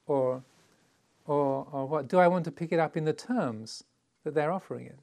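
Man giving a relaxed Dharma talk. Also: a little high, moderate pace, vocal fry. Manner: conversational, playful, laughs often; acts out little quoted voices. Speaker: meditation teacher.

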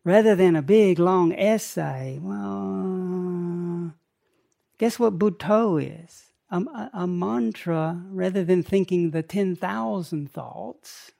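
An older man guiding a meditation retreat talk, speaking gently in short phrases with long pauses. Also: high voice, gravelly. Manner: slow, gentle, pausing between short phrases. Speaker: meditation teacher.

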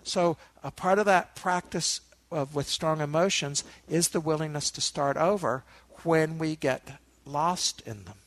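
A man giving a meditation dharma talk, a relaxed storyteller who adds asides to his listeners. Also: fairly high pitch, measured pace, few pauses, no room sound. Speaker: meditation teacher.

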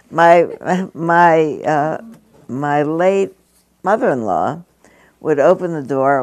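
A woman's voice: deep voice, gravelly, a little mellow. A woman over seventy giving a meditation teacher's dharma talk to an audience, conversational and storytelling, with frequent chuckles. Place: meditation hall.

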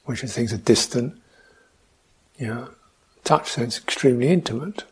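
A man giving a reflective meditation talk, speaking slowly, asking questions and adding soft hums between points. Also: medium pitch, husky. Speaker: meditation teacher. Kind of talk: dharma talk.

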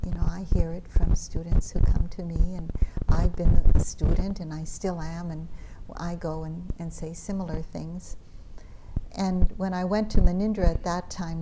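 A woman meditation teacher giving a dharma talk at a retreat, speaking in a gentle, reflective way with soft laughs. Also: fairly low pitch. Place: retreat center meditation hall. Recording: loud background noise.

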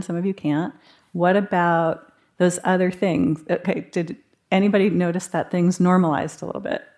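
A woman's voice: on the low side, a little mellow. A woman guiding a live meditation retreat group in a conversational manner, acting out inner thoughts as little quoted asides. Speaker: meditation teacher.

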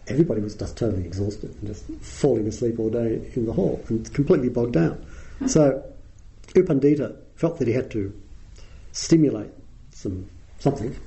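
A middle-aged man gives a relaxed dharma talk. His very dark, mellow voice sits at an ordinary pitch. He tells wry, anecdotal stories and often chuckles at them. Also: rough recording. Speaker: meditation teacher.

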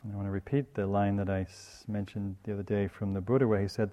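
A male meditation teacher giving a dharma talk. His voice sits a little low and sounds mellow and warm, and his delivery stays gentle and reflective. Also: little pitch movement, quick pace, few pauses. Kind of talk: dharma talk on loving-kindness.

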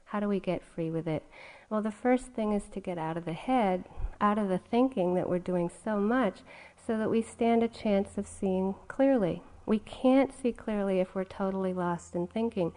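A middle-aged woman gives a dharma talk at a meditation retreat. Her voice is mellow and warm. She speaks gently and conversationally and often says "you know". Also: medium pitch. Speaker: meditation teacher.

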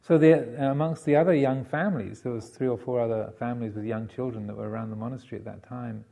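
Gravelly, halting man telling a story. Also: medium pitch, fairly even intonation, mellow. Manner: halting, many fillers and restarts. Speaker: Buddhist monk teacher. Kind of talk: dharma talk storytelling.

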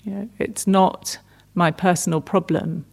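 A middle-aged woman giving a gentle, unhurried meditation talk, often restarting her phrases. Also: on the low side, steady tone, creaky. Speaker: meditation teacher. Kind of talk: dharma talk.

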